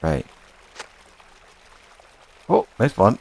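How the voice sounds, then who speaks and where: A man's voice: drawn-out words, a little hiss or hum. A man casually commentating as he plays an online role-playing game, muttering to himself, thinking aloud and spelling out words into a desk microphone. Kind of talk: casual let's-play commentary.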